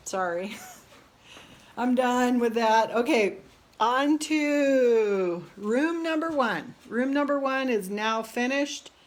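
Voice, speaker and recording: A middle-aged woman talking casually to her phone camera during a home remodel, tired and burnt out, rambling with frequent laughs and exasperated asides. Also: fairly high pitch. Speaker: realtor remodeling her own house. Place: house under renovation, indoors. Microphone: phone camera held by speaker.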